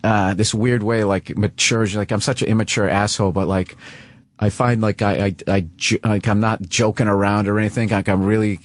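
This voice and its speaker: Profane animated man telling stories. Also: on the low side, fairly quick, no room sound. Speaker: guest comedian. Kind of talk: casual talk-show chat.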